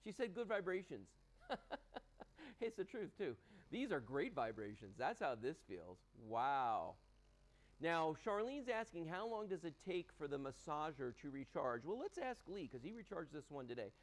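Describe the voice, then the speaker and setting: A man's voice: fairly high pitch, sing-song, normal speed, poor audio. A man hosting a live home shopping show, chatting enthusiastically while demonstrating a product, with frequent fillers. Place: TV studio. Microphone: earpiece and studio mic.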